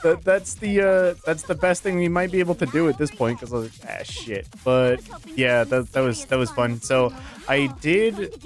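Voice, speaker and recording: A man's voice: a little high, moderate pace, faint music behind. A man streaming from home into a studio microphone, casually chatting, telling stories animatedly with casual swearing and frequent laughter. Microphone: dynamic studio microphone.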